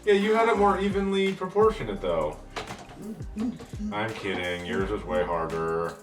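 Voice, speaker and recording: A man's voice: sits low, animated, normal speed, reverberant, over music. A young adult man, a new father, chatting and joking casually in a family vlog.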